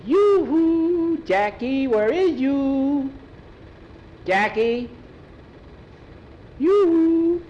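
A man voicing a small, eager boy who helps at a stable, in a high, chirpy calling voice. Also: expressive, very slow, pauses often, muffled recording, a little hiss or hum, heavily acted. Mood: indignant.

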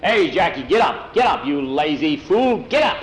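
Guy doing a bossy foreman yelling orders, faint engine hum behind. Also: sits high, very animated, takes it slowly, echoey room, pitched above the performer's own voice, heavily acted, poor audio. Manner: barking, loud. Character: bossy, gruff male ranch foreman.

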